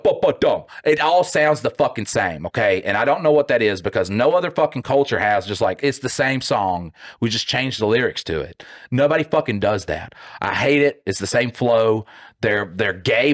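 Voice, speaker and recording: A man's voice: mid-range voice, animated, moderate pace. Profane ranting American man. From United States. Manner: loud, mocking, heavy swearing, puts on silly voices. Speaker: podcast co-host. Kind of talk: profane comedic rant.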